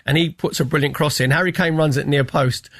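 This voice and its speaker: A man's voice: a little high, fairly even intonation, brisk, fairly bright tone, no echo. A man talking football on a radio panel in a studio, chatty and enthusiastic as he breaks down plays. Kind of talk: animated football analysis.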